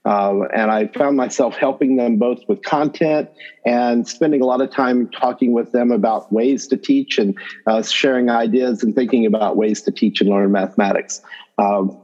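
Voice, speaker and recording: A middle-aged man with a North Carolina accent, a math education professor telling his story in a relaxed, chuckling way as a podcast guest. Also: medium pitch, moderate pace, muffled recording. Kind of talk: conversational interview.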